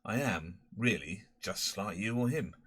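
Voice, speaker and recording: A man's voice: fairly low pitch, expressive, unhurried, fairly bright tone, husky, full character voice. A man voicing a boastful, rambling middle-aged London pub owner and former crook with a Cockney accent.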